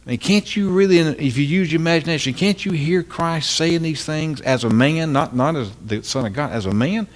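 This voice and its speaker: A man's voice: fairly high pitch, moderate pace, hardly any pauses. An older man, a pastor, preaching an earnest, impassioned sermon full of repeated phrases and rhetorical questions.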